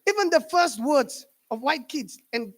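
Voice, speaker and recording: A young man with a Namibian accent doing a stand-up comedy set, animated and laughing at his own jokes. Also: extremely high pitch, a little slow.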